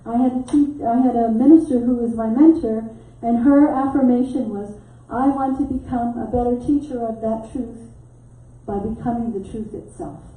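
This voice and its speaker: A middle-aged woman preaching in an echoey church hall, her voice mellow and dark in tone, a little higher than most. She tells her story lively, acting out each voice in it and laughing along, heard from some distance off the mic. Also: moderate pace. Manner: animated storyteller who acts out quotes and laughs often. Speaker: minister. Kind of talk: storytelling sermon. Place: church sanctuary.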